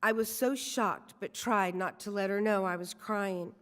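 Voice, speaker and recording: A woman giving a personal storytelling sermon at a church service, speaking in a deliberate, reflective way. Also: medium pitch, fairly bright tone. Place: church sanctuary. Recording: long reverb of a church hall.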